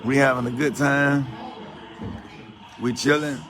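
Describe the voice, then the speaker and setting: A middle-aged man filming a casual home video, teasing a child with quick-fire questions. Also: mid-range voice, fairly even intonation, a crowd in the background. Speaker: radio host filming at home with grandchildren. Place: home, indoors.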